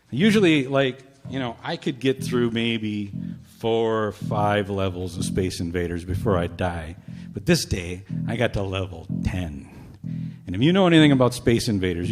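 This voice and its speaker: A middle-aged man at an open mic, telling a humorous personal story with animated comic suspense. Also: mid-range voice, creaky. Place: community open mic stage. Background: guitar music.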